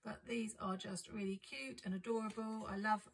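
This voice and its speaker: A woman's voice: mid-range voice, steady tone, normal speed, a little hiss or hum, poor audio. A woman chatting casually and enthusiastically as she unboxes and describes craft supplies for her vlog. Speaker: craft and planner vlogger. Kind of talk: casual haul unboxing chat.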